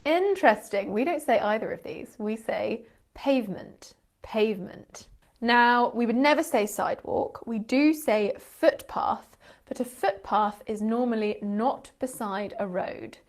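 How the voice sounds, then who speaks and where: A woman's voice: fairly high pitch, lively intonation, a little slow. Playful British woman teaching vocabulary. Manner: playful, laughs often, teasing asides. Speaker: English teacher and channel host. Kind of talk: explaining vocabulary to camera.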